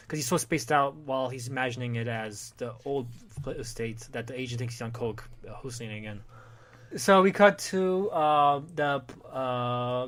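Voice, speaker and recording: Animated man retelling a comic story. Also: medium pitch. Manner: animated retelling, acting out dialogue in quick voices. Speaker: podcast host. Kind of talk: casual comic book discussion.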